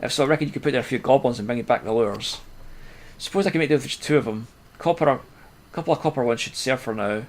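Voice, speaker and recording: A man voicing a broken, weary older fisherman in a video game, grumbling in a rough rustic dialect. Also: mid-range voice, quick pace, natural voice. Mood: gloomy.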